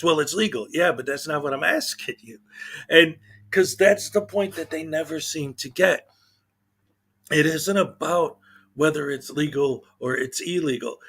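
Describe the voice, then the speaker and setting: A man talks to his viewers in a loose morning commentary, rambling from point to point. He sounds indignant, stopping to restart his sentences and filling gaps with ums and likes. His pitch sits in an ordinary middle range. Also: fairly bright tone. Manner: mocks others in quoted voices. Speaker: channel host.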